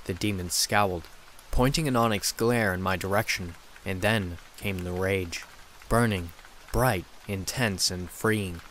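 Low-voiced man narrating a horror story. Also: unhurried. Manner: steady, dramatic storytelling.

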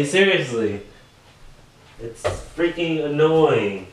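A man's voice: on the high side, takes it slowly. A man vlogging at home, nagging and exasperated, repeating himself over and over. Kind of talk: casual prank video talk. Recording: echoey room, mic far off, faint noise.

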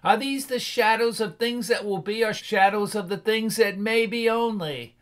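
A man's voice: moderate pace, close to an everyday voice. A man voicing Scrooge, a terrified old miser. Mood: pleading. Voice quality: high, strained, pleading. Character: frightened old miser Scrooge pleading with a ghost. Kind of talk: dramatic audiobook reading.

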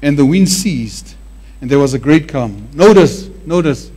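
A male preacher with a high voice that swings widely from phrase to phrase. He delivers a sermon emphatically and repeats words for effect. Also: lively intonation, moderate pace, mellow, slightly rough.

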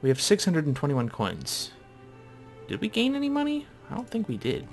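A man's voice: on the high side, wildly swooping pitch, moderate pace, faint music behind. Man chatting through gameplay. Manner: chatty, unsure, thinking aloud. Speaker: gamer. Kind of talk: casual gameplay commentary.

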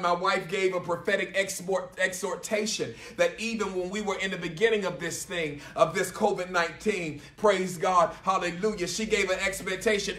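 High, bright preacher man. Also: reverberant, far from the mic. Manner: emphatic, repetitive, punctuated by "praise God"; builds to shouts. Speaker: pastor. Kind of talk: preaching sermon. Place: church sanctuary.

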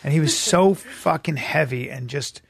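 A man co-hosting a podcast, telling excitable stories in casual chat and swearing freely. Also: fairly high pitch, normal speed, vocal fry, husky. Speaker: podcast co-host. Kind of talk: casual chat, animated storytelling.

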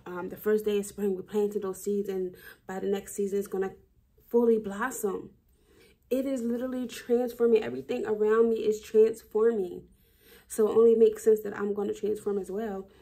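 A woman's voice: mid-range voice, flat delivery, moderate pace, gravelly, mellow, slightly rough. A woman talking through a personal daily video diary in a reflective, rambling way, with many fillers and restarts. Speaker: vlogger.

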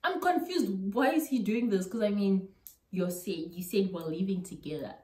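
Animated South African woman telling a story. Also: medium pitch, normal speed. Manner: animated storytelling, mixing local languages into English. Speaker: YouTuber. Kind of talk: storytime vlog. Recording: roomy echo.

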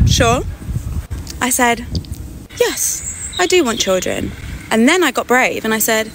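A woman's voice: a little high, noisy background. A woman telling a dating story in a dramatic, sarcastic storytime monologue. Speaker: storyteller in a clip being reacted to.

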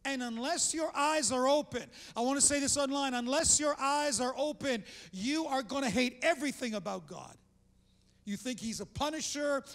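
A man's voice: very high-pitched, fairly bright tone. An older man preaching a sermon as pastor, fervent and conversational, calling out to the congregation and often restarting his sentences. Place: church sanctuary. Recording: long reverb of a large church hall.

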